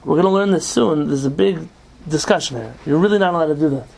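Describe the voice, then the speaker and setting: A male rabbi teaches a casual study group, and his voice sits high with a rough, gravelly texture. He talks animatedly and often answers his own questions. Faint noise hums behind him. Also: fast. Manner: animated, rhetorical questions, mixes Hebrew terms. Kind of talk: informal Talmud class.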